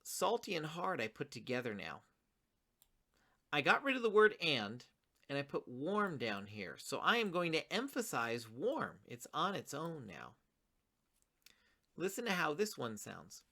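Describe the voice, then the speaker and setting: Lively, bright-voiced woman teacher. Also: low-pitched. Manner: reads her poem slowly, pausing on single words; encouraging, addresses students directly. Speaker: writing teacher. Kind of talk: children's writing lesson.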